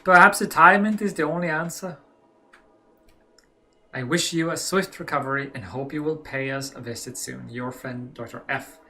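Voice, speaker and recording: A man doing a stiff German doctor, mock German accent slipping into French, higher-pitched, bright, theatrical letter reading. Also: steady tone, normal speed. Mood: mock-formal. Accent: mock German, drifting toward French. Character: formal German male head doctor, weary.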